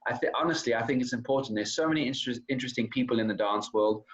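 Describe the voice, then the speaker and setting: A man's voice: medium pitch, racing. A male host asking questions in a rambling, friendly casual chat over a video call. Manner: rambling, friendly, repeats himself. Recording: dull lo-fi call audio.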